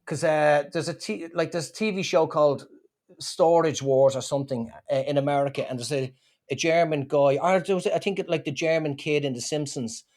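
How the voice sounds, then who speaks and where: A man with an Irish accent, a comedian being interviewed, telling stories in a lively, joking way. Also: on the high side, normal speed. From Ireland. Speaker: guest comedian. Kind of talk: casual chat.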